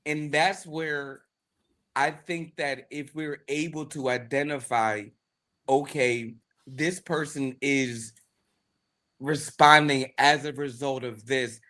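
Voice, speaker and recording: A man's voice: medium pitch, sharp tone. A man co-hosting a podcast, talking in a casual chat with emphatic, preacher-like repetition. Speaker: podcast co-host.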